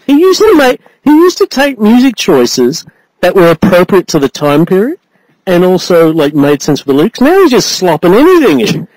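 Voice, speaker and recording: A man's voice: high-pitched, normal speed, no room sound, low-quality recording. A man co-hosting a podcast, ranting in a casual chat, swearing freely and breaking into laughter. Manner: animated, swearing, laughing rant. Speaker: podcast co-host.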